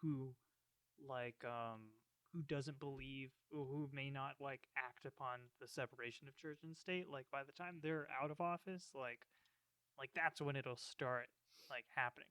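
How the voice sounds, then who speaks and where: A man's voice: medium pitch, fairly even intonation, measured pace, pushed and bright, clean tone, no echo. A young man co-hosting a podcast in casual chat, laughing along with short reactions. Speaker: podcast co-host.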